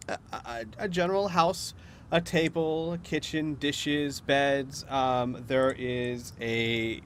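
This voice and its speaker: Man, game master, slow pace, halting narration, faint background hum. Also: medium pitch, a bit bright. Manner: slow, hesitant narration with many fillers.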